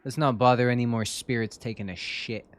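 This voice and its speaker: A man's voice: mid-range voice, fairly even intonation, brisk. A young man streaming a game, chatting casually with viewers in a joking, self-mocking way. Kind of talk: casual live-stream chat while gaming.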